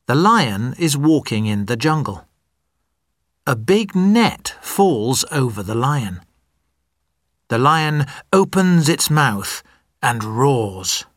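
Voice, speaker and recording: A narrator reading a simple story aloud for language learners, very clearly and deliberately. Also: mid-range voice, no echo, studio quality. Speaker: narrator of an English learners' reader. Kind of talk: slow scripted storybook narration.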